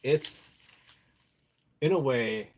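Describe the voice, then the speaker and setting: A man's voice: medium pitch, drawn-out words, darkish tone. Guy just rambling on his opinions, lots of likes and ums, bit of hiss behind. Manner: rambling, many fillers and restarts; chuckles often. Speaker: commentator. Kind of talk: casual spoken commentary.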